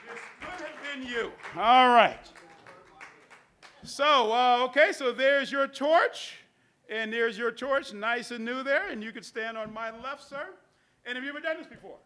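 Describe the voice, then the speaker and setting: A man's voice: very high-pitched, measured pace, pushed and bright, reverberant, some chatter behind. A man performing as a stage magician, talking volunteers through a trick step by step with coaxing commands and jokes, at a live venue. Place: live cafe stage with audience.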